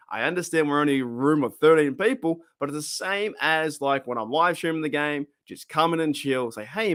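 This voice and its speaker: A man's voice: mid-range voice, fairly bright tone. A man hosting a casual live-streamed fan podcast, rambling and reacting to chat comments. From Australia.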